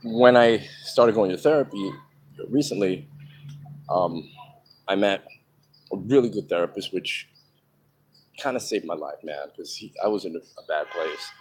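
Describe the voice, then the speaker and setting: Frank, halting man outdoors by traffic. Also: deep voice, rough recording. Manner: halting, frank, many pauses and ums. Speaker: man telling his life story. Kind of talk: candid personal monologue. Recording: outdoor traffic noise behind.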